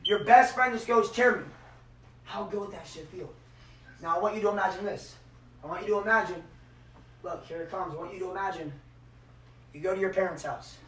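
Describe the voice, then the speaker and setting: Motivational speaker, male, high voice, hype delivery with hushed emotional dips, miked from a distance in a reverberant hall. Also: a little hiss or hum. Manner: hype, swings from shouting to hushed emotional tones. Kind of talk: motivational speech with guided visualization.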